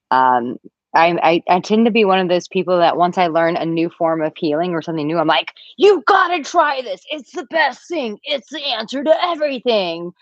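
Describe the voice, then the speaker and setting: A woman in her thirties, a dating and relationship coach, responds to live-stream viewers from a villa room in her home, chatty and animated, mimicking their comments in a high, squeaky voice. She has a slightly low voice for a woman. The audio is dry and a bit dull, like a home webcam mic, with no room sound.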